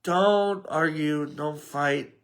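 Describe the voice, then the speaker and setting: A man's voice: on the high side, extremely slow, fairly bright tone. A man with a New York accent hosting a casual solo sports podcast, rambling and mumbling at times. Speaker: podcast host.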